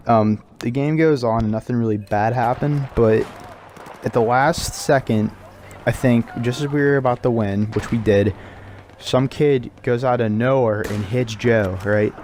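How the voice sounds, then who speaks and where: A man's voice: medium pitch, a little mellow, a little hiss or hum. A young man telling a casual storytime vlog story, rambling with lots of fillers and swearing. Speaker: channel member telling a story.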